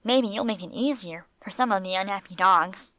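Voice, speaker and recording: A woman reading the part of a good-natured old male dog who speaks gravely and dryly. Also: medium pitch, moderate pace, a bit bright, dry recording, close to an everyday voice. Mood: dry, wry. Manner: grave, sober delivery.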